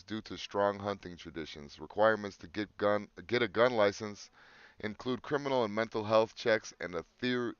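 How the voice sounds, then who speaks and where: A man with a lowish, slightly bright voice co-hosts a casual podcast, cracking crude jokes, swearing freely, and reading facts off a screen. The sound is clean and lo-fi, with no echo.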